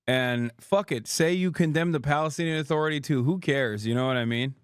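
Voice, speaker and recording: A man's voice: a little high, brisk, clear, resonant tone, dry recording, studio quality. Sarcastic, profane man streamer. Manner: sarcastic, profane, laughs often. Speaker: streamer host. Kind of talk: casual commentary.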